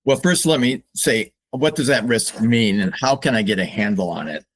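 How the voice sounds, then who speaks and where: An older man, a psychologist guest on a podcast, speaking slowly and reflectively with open emotion. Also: medium pitch. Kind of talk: podcast interview.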